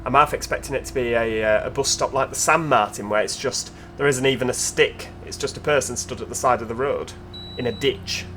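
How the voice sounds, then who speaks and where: A man's voice: mid-range voice, a little fast, sharp tone, slight background noise. A man giving casual, chatty commentary over gameplay, with joking asides to his viewers. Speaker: video game commentator.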